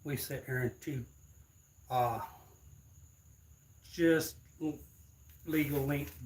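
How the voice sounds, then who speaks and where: A man's voice: mid-range voice, fairly even intonation, drawn-out words, darkish tone, a little hiss or hum. A man, telling a rambling, laughing story casually to his viewers. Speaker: streamer.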